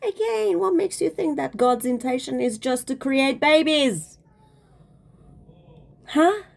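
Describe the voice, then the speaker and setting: Speaking slowly with a high, gravelly voice and lively intonation, a woman who makes spiritual videos addresses the camera in a casual monologue. Her tone is emphatic and preachy, she calls listeners darling, and she seems a bit breathless.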